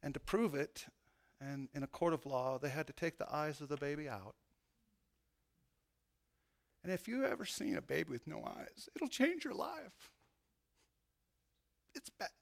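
A middle-aged man, a police chaplain, preaching an emotional testimony that swells to loud, fervent peaks. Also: fairly high pitch, sing-song, moderate pace, vocal fry. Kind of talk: sermon testimony.

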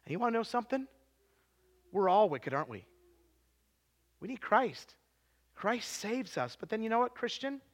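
A man preaching a sermon in an earnest way, repeating words, telling stories and acting out quotes, swinging from hushed to rising and loud. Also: high voice, big pitch swings, normal speed, long pauses.

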